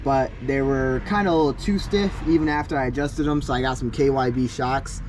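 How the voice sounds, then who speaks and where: A man giving a casual walkaround of his car outdoors, talking in a halting way with many ums and restarts. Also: medium pitch, fairly even intonation, background noise. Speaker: car vlogger.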